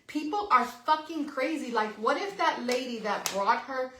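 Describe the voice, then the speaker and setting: A middle-aged woman co-hosting a podcast, telling a story in a lively, casual way, swearing freely and tagging "right?" onto her sentences. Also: sits high, moderate pace, slight background noise. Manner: animated, swears freely, says "right?" often. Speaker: podcast co-host. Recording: echoey room.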